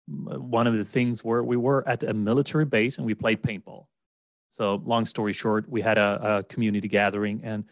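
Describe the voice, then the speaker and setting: This Swedish podcast co-host has a lowish, fairly bright voice, recorded dry. He chats casually and rambles, frequently laughing and starting his sentences over.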